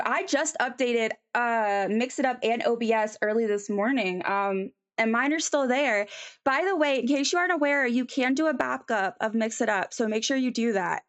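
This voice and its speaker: Chatty woman streamer, higher voice. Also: unhurried. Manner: chatty and rambling, many ums, reads out and answers chat. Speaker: live streamer. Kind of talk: casual live-stream chat while drawing.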